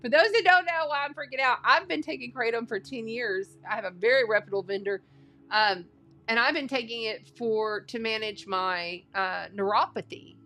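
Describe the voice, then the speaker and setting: A woman reading tarot cards in a casual, chatty way, getting excited and thinking out loud as she talks. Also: fairly high pitch, moderate pace, faint music behind. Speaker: astrology and tarot reader.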